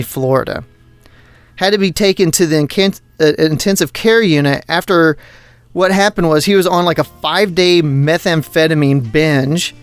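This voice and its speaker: A man with a fairly high, smooth, clean voice hosts a casual podcast, rambling through stories and swearing constantly. He slides into exasperated rants. Faint music plays softly behind him. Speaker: podcast host. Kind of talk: profane casual storytelling.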